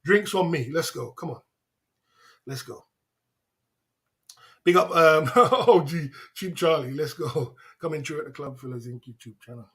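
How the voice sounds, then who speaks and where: Livestream host, man, mocking and insistent, a touch high in pitch. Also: unhurried, pauses often, a bit bright. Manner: taunting, repetitive, laughs often. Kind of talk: livestream rant at chat.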